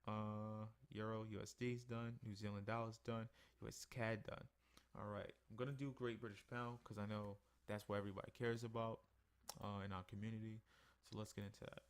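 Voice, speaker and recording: A forex trading analyst does a casual screen-share market review, walking loosely through his charts. His gravelly, somewhat low voice is brisk yet sleepy, and he yawns, sounding worn out after a long day, relaxed and conversational throughout.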